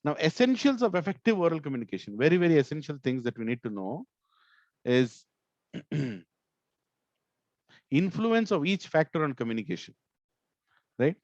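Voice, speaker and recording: A man's voice: fairly high pitch, sing-song, moderate pace, pauses often, dry recording, highs cut off. A male corporate trainer teaching an online session, often checking in with "right?" and stressing words to make his points. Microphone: video call.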